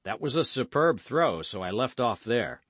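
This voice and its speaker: A man voicing a calm, worldly older male musketeer in an audiobook, speaking in a measured, deliberate way. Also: medium pitch, no echo.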